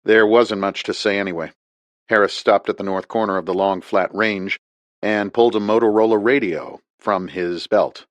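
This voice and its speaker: A man with a very low voice narrates an audiobook, reading at a steady, measured pace. The recording is dry and close, with no room sound at all.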